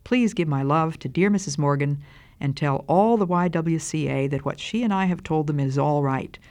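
A calm, joyful woman near death, speaking softly and serenely, as a woman reads her lines aloud. Her voice is gentle and unhurried. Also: sits low.

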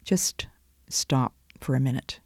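A woman's voice: rumbling low, takes it slowly, slightly rough, dry recording, studio quality. Earnest woman giving a devotional talk. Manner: warm, earnest, expressive storytelling with sudden soft whispers. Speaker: devotional speaker.

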